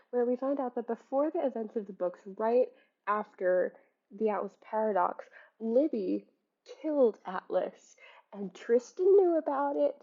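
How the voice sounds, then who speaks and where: A young woman with a fairly high voice talks through a book in a casual video essay, sarcastic and exasperated, breaking into laughter at her own asides. The sound is a little dull and lo-fi. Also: expressive, moderate pace. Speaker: book reviewer. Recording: slightly muffled lo-fi audio.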